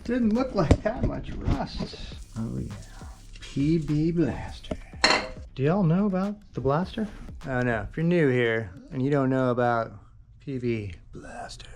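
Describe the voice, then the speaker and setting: Playful mechanic in a noisy workshop. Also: male voice, fairly high pitch, animated, measured pace, gravelly. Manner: playful, rhyming wordplay and banter with his dog. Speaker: mechanic working on a car. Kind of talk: casual workshop vlog. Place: auto repair shop. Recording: noisy workshop with tool clicks.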